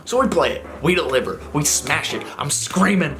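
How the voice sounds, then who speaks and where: A man's voice: fairly high pitch, normal speed. A man who sings and plays guitar in a touring band, telling a story to camera in casual, slangy talk and laughing as he goes. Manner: animated, laid-back slang, laughs while telling.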